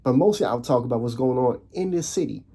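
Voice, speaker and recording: A man's voice: medium pitch, lively intonation, fast talker, dark tone, breathy edge. A man from the Netherlands ranting casually on camera, repeating himself and firing rhetorical questions. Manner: repetitive, restarts often, asks rhetorical questions. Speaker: commentary vlogger. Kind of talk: casual rant.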